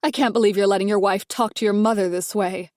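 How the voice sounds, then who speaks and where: A woman's voice: mid-range voice, fairly even intonation, fast talker, a little mellow, no echo, studio quality, lightly acted. A woman voicing a cutting, condescending older mother-in-law in an audiobook thriller. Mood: scornful. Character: sharp-tongued older mother-in-law, disdainful.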